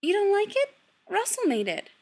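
A woman's voice: very high voice, wildly swooping pitch, moderate pace, a little mellow, voice pushed up, exaggerated voice. A woman voicing a bubbly, doting middle-aged witch mother who chatters sweetly. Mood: chattering.

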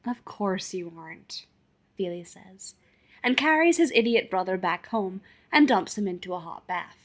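A woman narrating a fan-written story in a calm, measured reading voice. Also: medium pitch. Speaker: fanfiction audiobook reader.

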